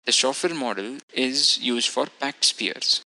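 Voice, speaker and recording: A man with a very bright, forceful tone walks through a technical lecture step by step. His delivery is methodical and explanatory, and he stops now and then to fix a word. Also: mid-range voice, unhurried, low-quality recording. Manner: methodical, explanatory, self-correcting. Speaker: instructor.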